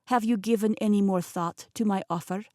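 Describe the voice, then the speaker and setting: Woman doing a smooth, scheming Russian man. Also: mid-range voice, fairly even intonation, a little fast, warm tone, no room sound, studio quality, natural voice. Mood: persuasive.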